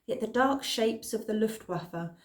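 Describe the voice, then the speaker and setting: A woman's voice: on the high side, unhurried. Woman reading a story, roomy echo. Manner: expressive storytelling, lively emphasis. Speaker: reader. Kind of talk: reading a children's novel aloud.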